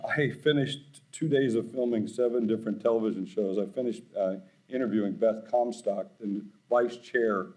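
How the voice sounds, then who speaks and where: A man's voice: medium pitch, low-quality recording. A middle-aged man giving a conference keynote, telling stories in a folksy, anecdotal way. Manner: folksy, anecdotal, growing animated and loud. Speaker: keynote speaker. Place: conference stage.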